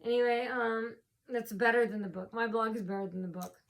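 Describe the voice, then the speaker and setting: Short on sleep and worn out, a woman vlogger tells a loose, rambling story about a personal run-in, looping back with fillers, restarts and repeated phrases. Her voice is a little high and steady, and she talks slightly fast.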